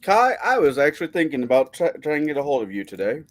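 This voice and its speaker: Male guest, lively pitch, profane storyteller, casual chat. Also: fast. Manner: animated storyteller, swears a lot.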